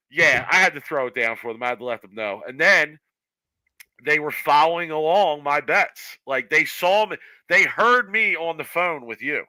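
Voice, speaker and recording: A man co-hosting a podcast, spinning an animated story and acting out the people in it. His voice is very bright and cutting. It sits close and dry on the mic, with no room sound. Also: a little high, normal speed, no room sound, rough recording. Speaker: podcast co-host. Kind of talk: casual storytelling chat.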